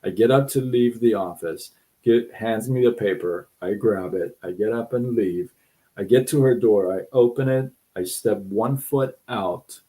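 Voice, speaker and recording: A man's voice: lowish voice, a little slow, warm tone. A middle-aged man hosting a live stream, telling a personal story in a rambling, repetitive way and acting out what others said. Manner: rambling, repeats himself, quotes people in voices. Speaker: livestream host. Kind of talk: casual storytelling chat.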